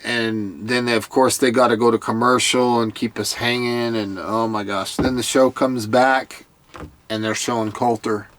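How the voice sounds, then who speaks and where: A man at a middle pitch talks through a TV episode in a casual, conversational way. He sounds earnest and heartfelt, and he often stumbles over repeated words. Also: steady tone, measured pace, fairly bright tone. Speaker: TV show commentator. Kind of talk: casual recap commentary.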